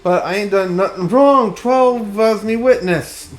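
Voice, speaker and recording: A frightened refugee father begs in a strained Cockney voice, put on by a man reading a video game aloud. He stammers and pleads, pitched far above a normal man's speech. Soft game music hums underneath. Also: unhurried. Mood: pleading.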